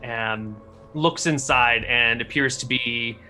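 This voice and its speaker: A man's voice: medium pitch, takes it slowly, faint music behind. A man running a tabletop game, describing the scene and the characters' actions. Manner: descriptive, steady narration of scenes. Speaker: game master.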